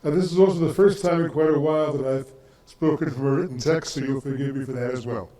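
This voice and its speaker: An older man reading a prepared talk as guest speaker, measured and earnest. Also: medium pitch, mellow. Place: lecture hall. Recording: roomy lecture hall, distant mic.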